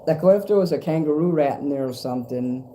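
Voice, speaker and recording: A man with a slightly high, mellow voice rambles through an unboxing at home, cursing freely and getting excited over each gift. He talks loosely to a handheld camera, with a faint hiss of room sound behind him. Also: fast talker. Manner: rambling, curse-laced, easily delighted. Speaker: vlogger opening a fan's package. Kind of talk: casual unboxing chat to camera.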